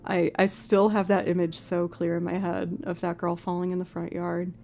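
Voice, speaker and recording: A woman streamer telling a personal story in casual chat, acting out the people she quotes with sudden jumps in pitch. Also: creaky. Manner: animated storyteller who acts out quotes with big pitch jumps. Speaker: streaming musician.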